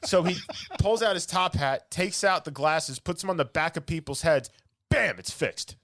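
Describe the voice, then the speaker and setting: This young man co-hosts a podcast, chatting casually and ranting sarcastically while laughing mid-sentence as he heats up. He sounds a little high, expressive and a bit bright at a moderate pace, recorded dry in studio quality.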